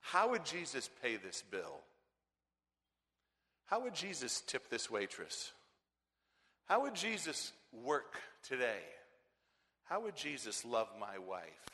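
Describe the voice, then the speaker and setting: A man preaches a sermon with a bright, forceful edge. He hammers points loudly, then drops to a hushed tone. His voice rings out with the long reverb of a large hall. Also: medium pitch, wildly swooping pitch, slow pace, long pauses. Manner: emphatic preaching that swings from loud to hushed. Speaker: pastor.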